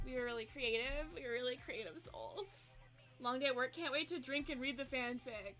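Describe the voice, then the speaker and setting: A woman in her twenties chatting casually with her live chat as a streamer, swearing, laughing often and saying "like" a lot, with a quiet song playing behind her. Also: high-pitched, a little fast, soft background music. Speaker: livestreamer. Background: quiet pop song playing.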